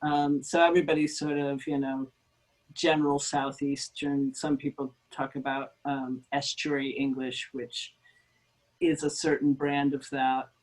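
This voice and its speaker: A woman's voice: very deep voice, flat delivery, a little slow, darkish tone, rough recording. Chatty woman linguist. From United States. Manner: chatty, self-deprecating, with frequent ums. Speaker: linguist guest. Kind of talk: conversational interview.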